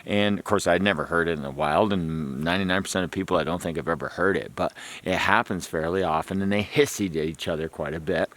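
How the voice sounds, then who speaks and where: A man's voice: low-pitched, fast, few pauses, fairly bright tone. A man hosting a hunting video, explaining deer calls in a rambling, chatty way and laughing often. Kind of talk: casual instructional talk.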